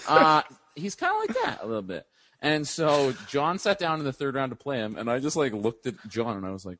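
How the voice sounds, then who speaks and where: A man's voice: mid-range voice, normal speed, dry recording. A young man co-hosting a podcast, telling rambling stories in casual, profane chat. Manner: rambling, animated storytelling with profanity. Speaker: podcast co-host.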